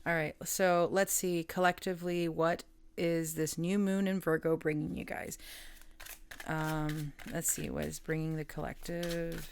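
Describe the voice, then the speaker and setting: Low voiced lady doing a tarot reading, rambly and giggly, keeps losing her train of thought. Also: little pitch movement, a little slow, vocal fry, smooth. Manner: chatty, laughs often, trails off and restarts; coos softly at her pet. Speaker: tarot reader. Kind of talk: casual chat while reading tarot.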